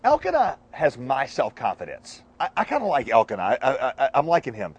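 A man's voice: medium pitch, wildly swooping pitch, brisk, breathy edge. A man preaching a sermon as a pastor, conversational and full of joking asides.

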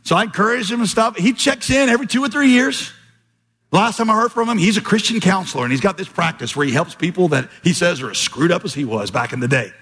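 Animated pastor in a reverberant hall. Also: male voice, high voice, fast talker. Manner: storytelling with quoted voices, animated and emphatic. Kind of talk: sermon. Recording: long hall reverb, slightly husky.

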